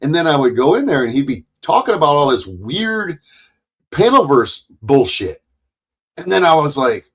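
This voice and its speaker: A man's voice: on the high side, very animated, normal speed. Man ranting, profane and heated. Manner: profane, rambling, heated and repetitive. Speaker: live streamer reacting to clips. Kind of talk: ranting live-stream commentary.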